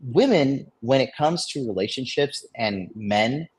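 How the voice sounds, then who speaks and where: A man's voice: mid-range voice, lively intonation, a little slow, slightly rough. Boastful, swearing man telling a story. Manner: loose, rambling, full of fillers and restarts. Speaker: storyteller in a men's dating discussion. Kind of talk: casual storytelling.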